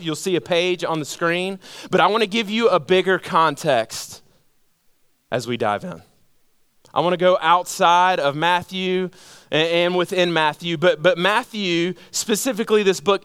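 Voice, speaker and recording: A man preaching a sermon, telling a story and letting his voice drop low and quiet at the heaviest moments, then building with emphatic repeated phrases. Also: clean tone, no echo, studio quality. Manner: storytelling, drops low and quiet at emotional points. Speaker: pastor.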